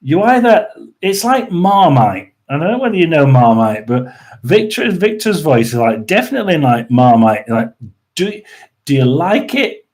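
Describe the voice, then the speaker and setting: A man hosting a tarot and paranormal live stream, chatting casually, rambling with lots of restarts and throat-clearing. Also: fairly high pitch, very animated, moderate pace, a little mellow. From United Kingdom.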